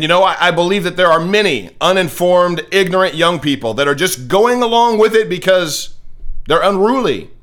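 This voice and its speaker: A man's voice: sits high, fairly bright tone. Impassioned American man hosting commentary. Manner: impassioned, preachy, repeats words when starting a thought. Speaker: political commentary host. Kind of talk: opinionated monologue.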